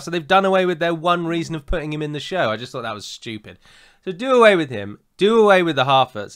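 Here a man with a slightly high, fairly bright and clean voice co-hosts a podcast. Speaking standard southern English as an Englishman, he chats in a casual way and delivers opinionated reviews peppered with fillers.

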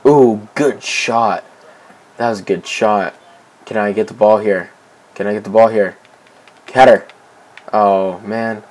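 A young man casually commenting on his own soccer video game match, excitable and repeating himself as he begs teammates for the ball. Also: lowish voice, slow pace, long pauses, rough recording. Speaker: gameplay commentator. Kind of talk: casual let's-play commentary.

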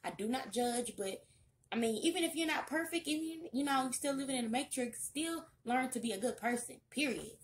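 A young woman giving a casual tarot reading, chatty and sassy with loud bursts of excitement. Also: high voice, fairly quick. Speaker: tarot reader.

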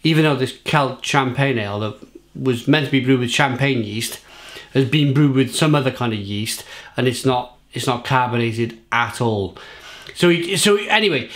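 A man's voice: mid-range voice, fairly bright tone. Sweary British man ranting. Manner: sweary, rambling, repeats himself. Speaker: beer reviewer and pub manager. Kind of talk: angry rant to camera.

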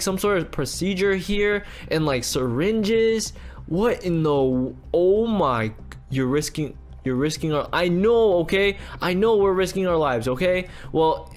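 A man hosting a playful game role-play, exclaiming and talking straight to his viewers. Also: on the high side. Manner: animated, exclaiming, talks to viewers. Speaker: gaming video host.

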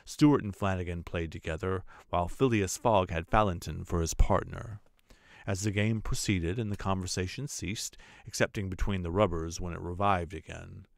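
A man narrating a classic novel as an audiobook, steady and measured. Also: low voice, gravelly, no echo, clean studio sound.

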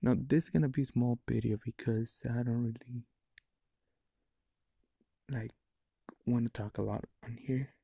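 Guy rambling on his vlog, kinda gravelly, soft dark tone, lots of likes. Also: medium pitch, steady tone, measured pace, long pauses. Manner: rambling, offhand, lots of "like" and "so yeah". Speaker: vlogger. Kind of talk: casual vlog chat.

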